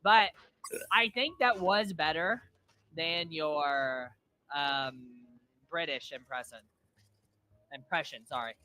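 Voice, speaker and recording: Excitable young-sounding man streaming a game. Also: fairly high pitch, slow, pauses often. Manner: excitable, laughing. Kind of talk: live game stream commentary.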